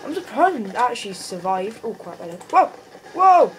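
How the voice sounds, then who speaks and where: A woman commentates her shooter gameplay with a high, lively voice that jumps all over. She exclaims in alarm, and there is loud noise under her voice. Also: moderate pace. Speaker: gamer. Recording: noisy game audio behind.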